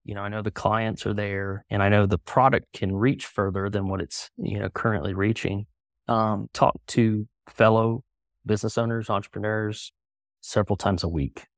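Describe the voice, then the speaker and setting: A middle-aged man talking casually as a podcast guest, relaxed and full of fillers. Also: on the low side, moderate pace, dry recording, clean studio sound. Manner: relaxed, conversational, many fillers. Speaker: guest, company co-founder.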